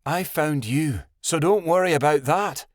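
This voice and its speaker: A man's voice: fairly high pitch, unhurried, dry recording, studio quality, pitched above the performer's own voice, lightly acted. A man voicing a troubled young she-wolf who speaks bluntly and defensively. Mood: tense.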